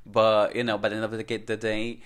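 A man co-hosting a podcast in casual chat, full of "like" and "you know" fillers, getting excitable. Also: on the low side, brisk. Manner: lots of likes and you-knows, excitable. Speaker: podcast co-host.

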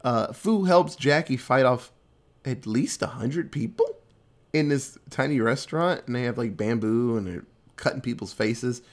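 A man talking through a movie plot in an easygoing, offhand way. He tells it loosely, packs it with fillers and curses freely. His voice sits at an ordinary middle pitch for a man. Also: unhurried. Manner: loose, animated retelling with many fillers and swearing. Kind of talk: casual movie recap.

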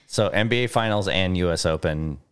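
A man's voice: sits low, fairly quick, smooth. A man chatting casually as a podcast co-host, adding short asides and corrections to the story. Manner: laid-back, adds short asides and corrections. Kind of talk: casual chat.

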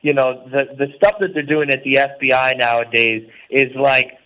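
A man calling in to a radio show from a prison cell. He talks earnestly and at a mid pitch, preaching at times. His speech is loose and full of fillers. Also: fairly even intonation, normal speed, fairly bright tone, poor audio. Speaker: guest calling in. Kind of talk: interview on talk radio.

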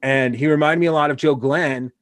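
A man's voice: on the high side, fairly even intonation, a little fast, no room sound. A man from Wyoming hosting a casual interview, telling rambling anecdotes full of restarts. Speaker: podcast host.

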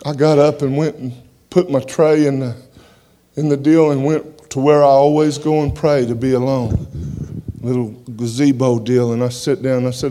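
A man's voice: medium pitch, little pitch movement, normal speed, dark tone. A man giving his testimony to a congregation in a plain-spoken, folksy way, often repeating words as he goes.

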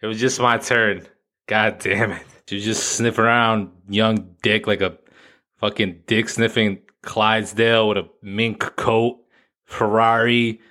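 Brief: male podcast host, crude and profane comic monologue, lower pitch, forceful. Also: fairly even intonation, unhurried. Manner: crude, profane, laughing at own jokes. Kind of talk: casual comedic monologue.

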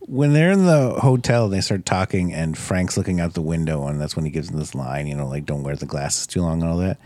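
A man's voice: sits low, animated, fairly quick, darkish tone, no echo. Man swearing his way through a film recap. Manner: swears freely, acts out the characters' lines. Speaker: podcast co-host. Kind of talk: casual film discussion.

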